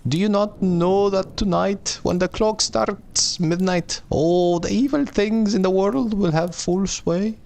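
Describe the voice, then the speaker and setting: A man voicing a frantic, hysterical old woman with a Scottish accent in a high falsetto wail. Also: takes it slowly, gravelly, few pauses, a little mellow, exaggerated voice. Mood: frantic pleading.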